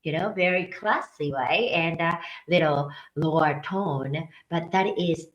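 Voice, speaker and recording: Woman teaching, talks slow with lots of repeats, bit of room echo. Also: sits low. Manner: explains slowly, repeats phrases for practice. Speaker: language and culture teacher. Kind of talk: casual instructional video.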